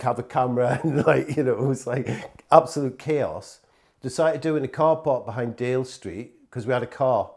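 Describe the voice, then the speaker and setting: A man's voice: medium pitch, darkish tone. Rambling man telling stories. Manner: rambling, with frequent fillers, swearing and acted-out quotes. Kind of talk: casual anecdotal storytelling.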